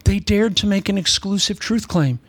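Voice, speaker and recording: Sarcastic gravelly preacher man. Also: high voice, normal speed, no room sound. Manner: sarcastic, animated, mock voices. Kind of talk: humorous sermon.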